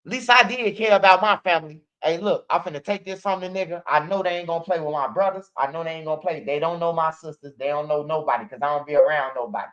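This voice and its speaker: A man with a high voice hosts a street news channel. He talks in blunt, profane street storytelling. The recording sounds dull and lo-fi. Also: fast talker, hardly any pauses, fairly bright tone. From Chicago. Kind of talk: casual commentary.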